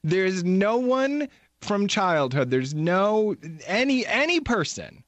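A middle-aged male host chats in an animated way, his pitch a little high and jumping all over. He laughs often between lines. The room sound is dry and close. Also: takes it slowly, no echo. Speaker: talk show host. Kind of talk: casual chat.

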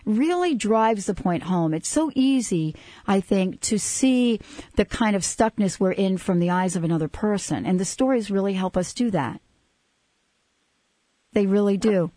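A woman hosts a radio talk show in a casual, halting way, often stopping and restarting. Her voice is mid-pitched. The sound is dry and close. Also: lively intonation, mellow, dry recording. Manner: hesitant, many fillers and restarts.

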